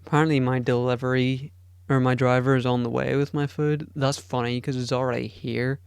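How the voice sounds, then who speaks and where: A man's voice: medium pitch, little pitch movement, fairly quick, vocal fry, clear, resonant tone, dry recording, studio quality. A man hosting a podcast alone, rambling casually, swearing often and putting himself down. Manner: rambling and profane, self-deprecating. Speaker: podcast host. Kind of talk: casual solo podcast chat.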